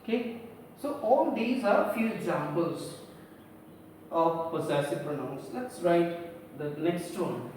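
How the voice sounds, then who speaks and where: A woman's voice: on the low side, lively intonation, slow, a little mellow. A woman teacher gives a grammar lesson to a class. She keeps saying "okay", asks questions and answers them herself. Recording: very echoey room, distant mic, faint hum.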